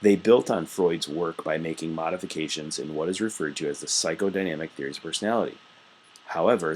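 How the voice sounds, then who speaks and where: A man's voice: deep voice, slight background noise. A male teacher giving a recorded lecture, explaining with everyday examples in a conversational way with frequent fillers. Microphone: computer mic while scrolling through notes.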